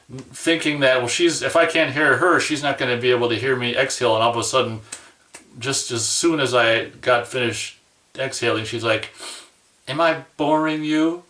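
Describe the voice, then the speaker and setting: A man's voice: medium pitch, pushed and bright, reverberant, distant mic. A man venting in a rambling, profane, exasperated rant about his day. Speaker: vlogger. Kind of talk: angry personal rant.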